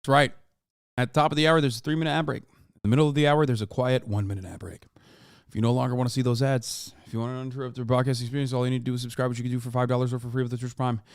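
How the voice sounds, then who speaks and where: A man's voice: medium pitch, steady tone, racing, clean tone, no room sound, clean studio sound. A man streaming live, reacting to clips with heated, profane, mocking commentary. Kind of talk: casual profane livestream commentary.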